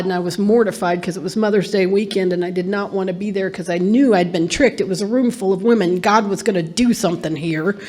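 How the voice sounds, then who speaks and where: A woman's voice: medium pitch, a little mellow. A middle-aged woman speaking at a recovery meeting, telling her story in an earnest, emphatic way. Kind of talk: personal testimony talk.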